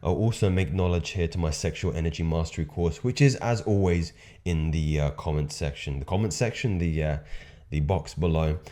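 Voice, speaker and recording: A man's voice: low voice, moderate pace, mellow. A young man talking as a self-improvement coach, earnest and emphatic, swearing casually as he speaks. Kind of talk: motivational monologue.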